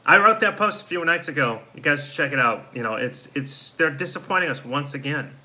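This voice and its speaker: A man's voice: on the high side, animated, fairly quick, sharp tone, poor audio. A man hosting a live show in casual chat, reading out viewer comments and answering them in a tired, let-down way. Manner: frustrated, deflated fan talk. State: tired, yawning. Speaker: host of a live fan show.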